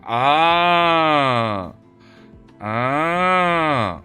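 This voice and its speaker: A man's voice: mid-range voice, big pitch swings, unhurried, long pauses, sharp tone, soft background music. A middle-aged man, live-streaming a game, bossing his in-game units about and bantering loosely with chat. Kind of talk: live gameplay stream, chatting with viewers.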